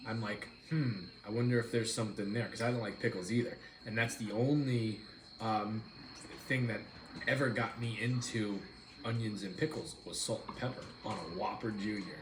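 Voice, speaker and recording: A man's voice: on the low side, normal speed. A man hosting a casual live stream over dinner at home, rambling easily and greeting viewers by name. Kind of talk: casual chat while eating dinner. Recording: roomy with clear background noise.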